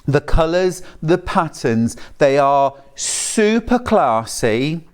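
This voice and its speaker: A chatty, jokey man with a British accent presents on a live shopping channel and reads out viewer messages between pitches. His pitch moves a lot, rising and falling through the sentences. He sounds like an easygoing salesman talking to his regular viewers. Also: sing-song, takes it slowly, clear, resonant tone.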